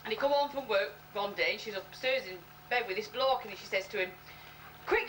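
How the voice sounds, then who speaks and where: Woman, high and animated voice, does the voices in her jokes, distant mic, noisy room. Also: brisk. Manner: lively storytelling, mimics characters' voices. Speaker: joke teller. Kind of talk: telling crude pub jokes. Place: social club gathering. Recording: distant room recording with background noise.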